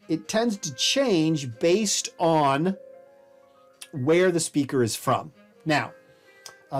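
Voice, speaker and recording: A man's voice: a little high, a little mellow. Male college lecturer, casual and explanatory, self-deprecating, faint music under.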